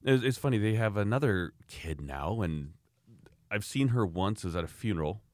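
A man's voice: on the low side, expressive, normal speed, a little mellow, dry recording, studio quality. A man from Canada talking casually about raising children, emphatic and rambling, often restarting his sentences. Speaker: parent sharing views. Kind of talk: casual opinionated chat.

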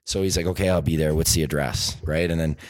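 A man on a podcast telling animated stories and acting out the voices of the people in them. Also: extremely low pitch, fast talker, dry recording. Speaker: documentary filmmaker guest. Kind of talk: podcast interview storytelling.

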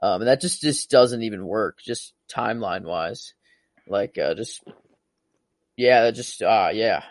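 A man's voice: fairly low pitch, measured pace, dry recording. A man chatting casually as a podcast co-host, laid-back with lots of agreeing yeahs. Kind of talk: casual chat.

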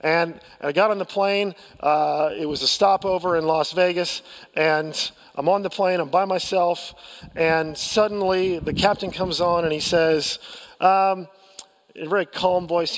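An American man preaching from the pulpit, with a fairly high voice and a long reverb trailing his words through the hall. He tells a personal story candidly and pokes fun at himself, stumbling into restarts as he goes. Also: moderate pace. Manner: candid storytelling with self-deprecating humor and frequent restarts. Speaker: pastor. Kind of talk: sermon.

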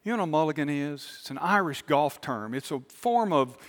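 A male pastor, preaching a sermon. He tells a story calmly, then builds to fervent appeals to the congregation. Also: fairly high pitch, brisk, long reverb tail. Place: large church auditorium.

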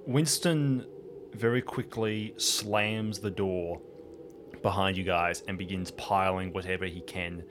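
A man's voice: deep voice, steady tone, takes it slowly, background noise. A man playing a tabletop game, plainly describing what his character does. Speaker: player. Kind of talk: casual tabletop play.

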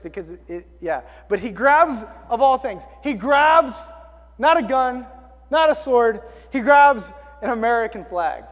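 A man's voice: very high voice, long reverb tail. A man preaching a casual sermon as pastor, telling a film story with self-deprecating asides.

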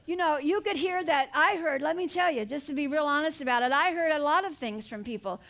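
An older woman delivers a sermon from scripture in a high, bright voice. She speaks earnestly and builds to fervent emphasis on key words. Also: normal speed. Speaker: pastor.

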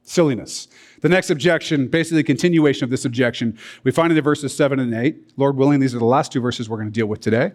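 A man's voice: mid-range voice, quick pace. A man preaching a verse-by-verse sermon, explaining a hard passage with emphatic, blunt asides and frequent checks that listeners follow. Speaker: pastor teaching a Bible study.

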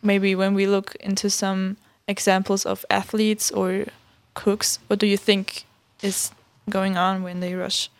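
An upbeat woman hosts a relaxed chat show. She keeps things moving with friendly questions and the odd um. Her voice sounds dry and close to the mic. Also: mid-range voice, measured pace, hardly any pauses, dry recording. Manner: upbeat, asks questions with frequent ums. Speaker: podcast host. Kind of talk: casual chat.

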